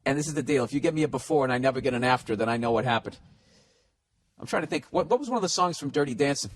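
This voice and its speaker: Rapid-fire and animated, a man with a medium-pitched voice rants through advice on his podcast, bluntly and with nonstop swearing.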